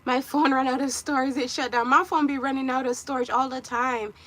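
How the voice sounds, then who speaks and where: A young woman from Jamaica with a Jamaican accent, chatting casually and loudly while getting ready, teasing and cussing. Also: high-pitched, fairly even intonation. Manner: loud, brash and teasing, quick to cuss. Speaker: vlogger. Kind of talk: casual live chat.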